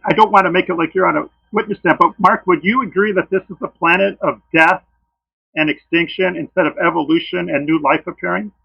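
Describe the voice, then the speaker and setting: A man with a somewhat high, gravelly, husky voice makes his case for creation in a friendly debate. He talks earnestly and tells personal stories. The recording is dull and lo-fi. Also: fairly even intonation, brisk, no room sound. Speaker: creationist speaker. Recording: dull lo-fi dry sound.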